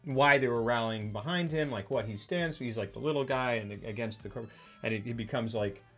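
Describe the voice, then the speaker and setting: A man chatting casually about a film with a co-host, his pitch sitting in a middling range. He rambles, piles up fillers and restarts, and bursts into lively scene impressions. Faint music plays underneath. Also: a little fast. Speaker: podcast co-host.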